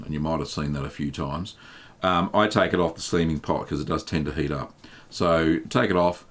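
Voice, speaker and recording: A man hosting a live stream, reading viewers' questions aloud and answering them in a relaxed, chatty way with plenty of ums. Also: low-pitched. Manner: relaxed and chatty, reads chat messages aloud, many um fillers. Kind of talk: casual live Q&A chat.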